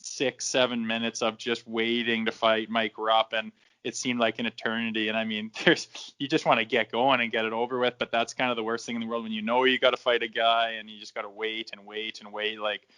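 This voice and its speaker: Brief: man, 30s, podcast guest spinning foul-mouthed hockey yarns, flat level delivery. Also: mid-range voice, brisk, clear, resonant tone. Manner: swears freely, acts out quoted dialogue. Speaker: guest, former hockey enforcer. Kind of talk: casual storytelling in a podcast interview.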